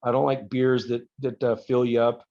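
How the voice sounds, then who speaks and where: A man, a wrestler being interviewed, telling rambling stories with halting restarts. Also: mid-range voice, flat delivery, mellow. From United States. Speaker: guest, professional wrestler. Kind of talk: casual podcast interview. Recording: slightly dull lo-fi audio.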